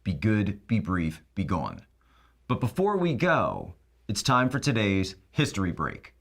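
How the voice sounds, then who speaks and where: A man's voice: lowish voice, wildly swooping pitch, a little slow, vocal fry, a bit bright. A man hosting a political talk show, delivering an emphatic, sarcastic monologue. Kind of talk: monologue commentary.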